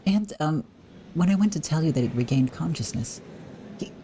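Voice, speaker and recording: A man voicing a worried female nurse in a game, in a high, uneasy voice. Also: animated, moderate pace, dark tone, a little hiss or hum.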